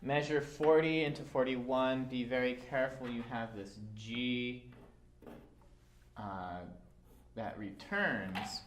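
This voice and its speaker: A man's voice: mid-range voice, slow, a little hiss or hum. Patient male violin teacher. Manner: calm, patient, with many fillers. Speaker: orchestra teacher. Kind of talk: instructional walkthrough.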